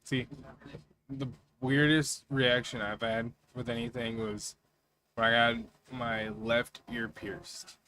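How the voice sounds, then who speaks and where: A man's voice: medium pitch, level tone, takes it slowly, bright, forceful tone. A man in casual podcast chat, laid-back and slangy, telling a short story of his own. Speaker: podcast co-host.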